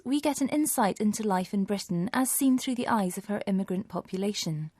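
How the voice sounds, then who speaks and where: Woman announcer reading the intro, warm mellow voice, dry close sound. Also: medium pitch, animated, fairly quick, dry recording. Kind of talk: scripted programme introduction.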